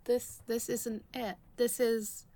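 A young woman speaks straight to the listener in an audio role-play. She talks slowly in a slightly high voice, halting, stammering and restarting as she swears her way through heavy feeling. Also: flat delivery, dark tone.

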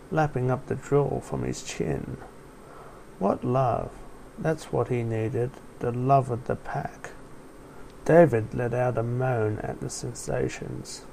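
A man narrating an audio story in a slow, even, hushed way. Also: medium pitch, creaky, slight background noise, low-quality recording.

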